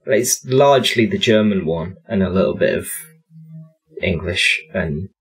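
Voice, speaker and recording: A man's voice: sits low, expressive, unhurried, faint music behind, low-quality recording. A man co-hosting a podcast, chiming in with wry asides. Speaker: podcast co-host. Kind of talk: casual discussion.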